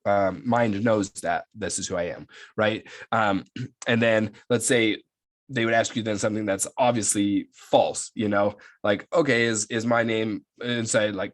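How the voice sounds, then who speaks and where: A man's voice: fairly low pitch, fairly even intonation, normal speed. A young adult man coaching a webinar audience in a loose, conversational way, often tagging "right?" and swearing now and then. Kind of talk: casual webinar teaching.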